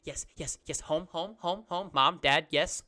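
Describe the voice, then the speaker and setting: A man's voice: on the high side, a little slow, pushed and bright. A man voicing a frantic young kobold boy who keeps repeating himself.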